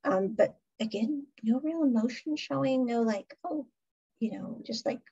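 A woman podcast host, chatty and animated, recapping a television drama in a casual way. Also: fairly high pitch, a little slow, slightly rough. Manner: chatty, animated retelling with laughs. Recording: dull lo-fi recording.

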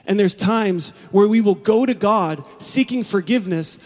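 Male pastor, sermon, high voice, long church reverb, quiet to impassioned shouting. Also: normal speed, few pauses, soft background music. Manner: builds from quiet to passionate shouting. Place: large church hall.

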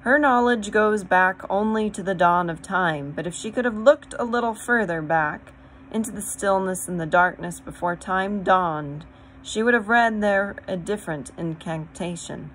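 A woman voicing a great, wise male lion in a storybook reading, with a measured, commanding delivery. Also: medium pitch, a little hiss or hum, close to an everyday voice, low-quality recording. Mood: solemn.

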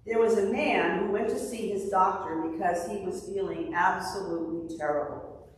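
A woman pastor reading scripture and preaching a sermon in a measured, deliberate way. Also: medium pitch. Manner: slow, measured delivery with a told joke. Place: church sanctuary. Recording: distant mic in an echoey hall.

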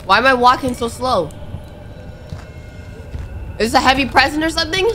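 A young woman playing a horror game on her channel, talking casually with slang, jumpy and dramatic, pleading when frightened and shouting at sudden scares. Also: high-pitched, expressive, moderate pace, slight background noise. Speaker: gaming YouTuber.

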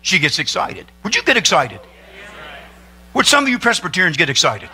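A man preaching a humorous sermon as pastor, animated and joking, building up to excited shouting. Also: sits high, brisk. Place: church sanctuary.

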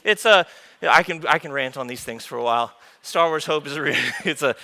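Bright-voiced male pastor in an echoing church. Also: on the high side, brisk. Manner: informal and animated, with joking asides to the congregation. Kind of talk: conversational sermon. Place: church sanctuary. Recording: long hall reverb from a church room.

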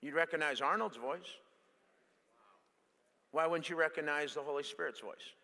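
A male pastor preaching an animated sermon that mixes in jokes. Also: on the high side, moderate pace. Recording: long hall reverb.

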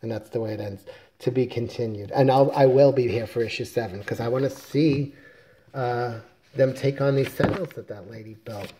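A man with a mellow, darkish voice talks through a comic book review in a loose, rambling way. He keeps correcting himself mid-sentence and slips in jokey asides as he goes. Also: mid-range voice, normal speed.

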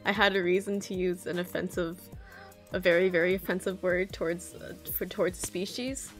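A woman's voice: fairly low pitch, fairly even intonation, normal speed, soft background music. A woman streaming a game, chatting in a playful, giggly, mock-dramatic way. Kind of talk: casual gaming stream chat.

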